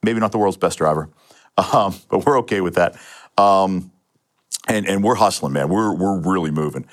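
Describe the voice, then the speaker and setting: A man's voice: low-pitched, moderate pace. A middle-aged man from Pennsylvania, a retired police sergeant and interview guest, telling his own story in a matter-of-fact way with frequent restarts and fillers.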